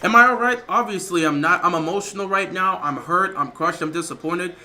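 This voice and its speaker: A man's voice: high voice, brisk, sharp tone. A man hosting a livestream, giving emotional, rambling live commentary on a football game as he watches, repeating himself and reading out donations. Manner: reads out viewer donations. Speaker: livestream host.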